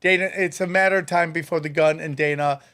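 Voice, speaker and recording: Man, high voice, casual podcast story, acts out quotes, dry close sound. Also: fast talker, smooth, dry recording. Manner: animated, acts out quotes, rising to shouts. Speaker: podcast co-host.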